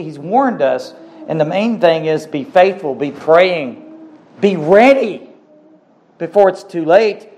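A man's voice: on the high side, a little hiss or hum. A middle-aged man preaching a sermon as pastor, pleading and swinging between rising and falling lines with repeated questions.

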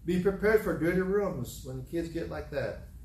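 A middle-aged pastor preaches a sermon, telling homely stories in a folksy style and repeating himself. His voice is a little high, at normal speed with a darkish tone, picked up by a distant mic in a roomy space with faint ambience.

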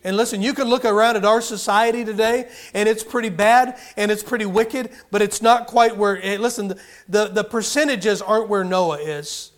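Casting: male pastor, higher voice, earnest sermon delivery with rising emphasis and frequent restarts. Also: fairly even intonation, normal speed.

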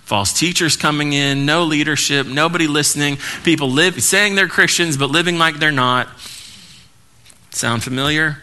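A male pastor giving a casual, animated teaching sermon with joking asides. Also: a little high.

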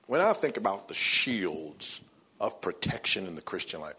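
A man in his forties preaching a sermon as a pastor, moving between low, quiet reflection and raised, excited delivery. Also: gravelly, husky.

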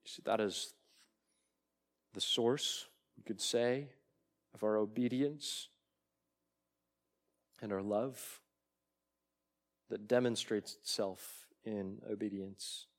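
Male pastor, unhurried sermon delivery, mid-range voice, builds intensity on quoted passages. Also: mid-range voice. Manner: slow, deliberate preaching that swells louder on quoted lines.

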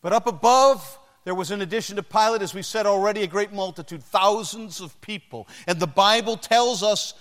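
A man preaching a sermon, telling the story dramatically, swinging between loud cries and hushed passages. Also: moderate pace, hardly any pauses. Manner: dramatic storytelling with sudden shouted crowd cries and hushed lows. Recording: long reverb of a large hall.

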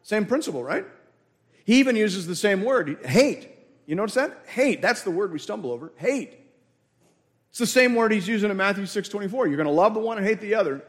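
A man's voice: high-pitched, animated, fairly quick. A man preaching a sermon as pastor, emphatic, repeating key words and asking the congregation questions. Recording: long hall reverb.

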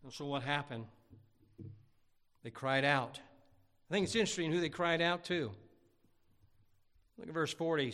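A man pastor preaches in a high, bright voice, pressing each point with fervent emphasis. His words carry through a church sanctuary with a long reverb trailing after them. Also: normal speed, pauses often. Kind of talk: sermon.

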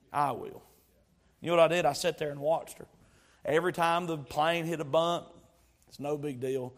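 A male pastor, preaching a sermon that moves from quiet storytelling to loud exhortation. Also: on the high side.

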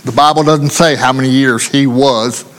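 A man's voice: mid-range voice, steady tone, normal speed, fairly bright tone, slight background noise. A male preacher giving a sermon in earnest, repetitive rhetorical questions, speaking in a church. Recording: long hall reverb.

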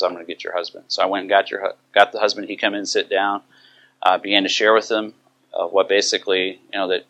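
A man's voice: deep voice, bright, forceful tone. A middle-aged man teaching about biblical counseling, telling a story and acting out the quoted dialogue in a conversational way.

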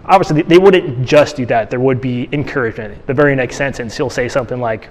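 A man's voice: mid-range voice, quick pace, few pauses. Conversational male teacher in a reverberant hall. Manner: conversational, with frequent restarts and fillers. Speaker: church teacher. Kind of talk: casual teaching lecture.

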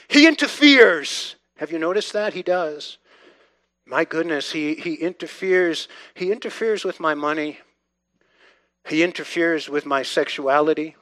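A man preaching a sermon with emphatic repetition, dropping quiet and then rising loud. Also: fairly high pitch, lively intonation, unhurried, dry recording. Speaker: pastor.

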